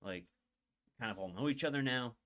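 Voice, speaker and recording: His pitch sits in the middle and his tone is fairly bright as this young podcast host moves fairly quickly through a long, personal tale. It wanders, loaded with fillers and asides, candid and emotional while he fights back tears.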